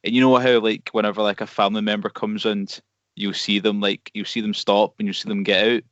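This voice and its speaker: Low-voiced young Scottish man. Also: brisk, no echo, highs cut off. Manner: relaxed, rambling storytelling. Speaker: podcast co-host. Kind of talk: casual chat among friends.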